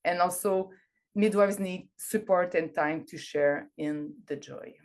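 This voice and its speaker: A woman's voice: lowish voice, slow pace, darkish tone. A woman speaking English as a second language, giving an academic presentation over a video call, hesitant with many fillers and restarts. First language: not English. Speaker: conference presenter.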